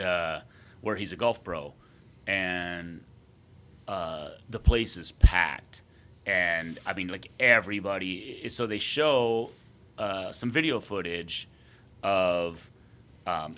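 A man's voice: deep voice, fairly bright tone. A man co-hosting a podcast, telling a sports story casually and rambling with lots of fillers. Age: adult father. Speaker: podcast co-host.

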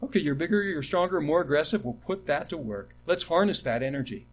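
A middle-aged man preaching a sermon, with animated emphasis that drops to quiet asides and personal stories told with restarts. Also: on the high side, quick pace, a little hiss or hum. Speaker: pastor.

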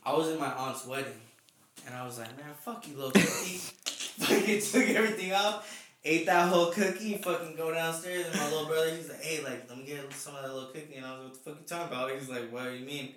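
A man's voice: a little high, fast. Man telling a rambling story. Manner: profane, rambling, acts out quotes. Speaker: podcast co-host. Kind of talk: casual storytelling. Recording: echoey room, background noise.

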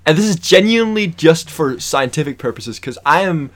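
A man co-hosting a casual podcast chat, silly and animated, laughing often. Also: a little high, moderate pace, slight background noise. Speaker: podcast co-host.

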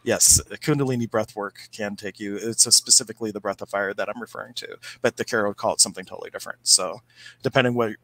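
A man's voice: fairly low pitch, steady tone, a bit bright, no echo, rough recording. A man co-hosting a casual chat about spirituality from home, rambling and telling stories. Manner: rambling, storytelling, quick bursts. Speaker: podcast co-host.

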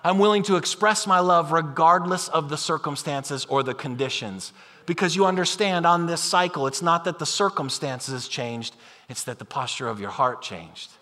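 A man preaching a sermon in an animated, conversational way, acting out imagined voices of his listeners. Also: on the high side, normal speed, long reverb tail. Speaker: pastor.

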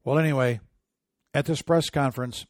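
A man's voice: mid-range voice, fairly even intonation, normal speed, dry recording, studio quality. Indignant, sarcastic middle-aged man. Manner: sarcastic, indignant, rising to loud outrage. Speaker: commentary host. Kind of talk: opinionated political commentary.

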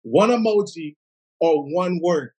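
Brief: high-voiced, husky man, energetic slangy Bible study host on a phone stream. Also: takes it slowly. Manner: hyped, slangy, calls out viewers by name. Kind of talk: casual livestream welcome and Bible study.

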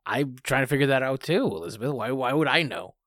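A man's voice: mid-range voice, lively intonation, fast talker, a bit bright, no echo, clean studio sound, natural voice. A man playing a vain, flustered doctor hosting a podcast, bickering defensively. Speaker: podcast host in character. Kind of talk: improvised comedy podcast.

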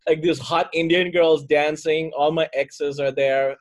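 A man co-hosting a casual podcast, his voice sitting a little high. He rambles and riffs on jokey scenarios, dropping swear words as he goes. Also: fairly even intonation, unhurried. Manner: rambling, joking, swears freely. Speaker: podcast co-host. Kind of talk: casual chat.

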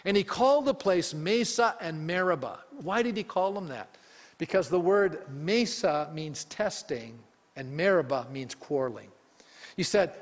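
A man preaching from a church pulpit with a fairly high voice. He drives his points home with rhetorical questions aimed at the congregation. The sound rings with the long reverb of the hall. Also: lively intonation, normal speed. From Canada. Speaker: pastor. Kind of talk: sermon. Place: church sanctuary.

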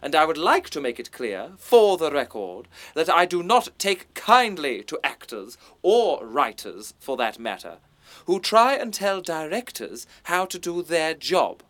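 Pompous posh director, lecturing, self-important, swooping pitch. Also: male voice, very animated, a little slow, fairly bright tone. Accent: posh English. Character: pompous, bossy middle-aged male director. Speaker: amateur theatre director.

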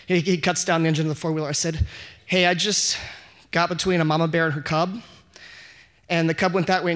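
Animated man telling a live story. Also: high voice. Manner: animated, self-mocking, laughs often. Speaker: audience member telling a story. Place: live event before an audience.

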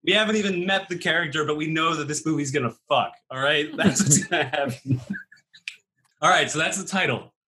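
A man's voice: a little high, normal speed, pushed and bright. A man casually telling a made-up movie plot to his co-hosts, rambling with many fillers and frequent laughs. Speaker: podcast host pitching a made-up movie. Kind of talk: casual comedic storytelling.

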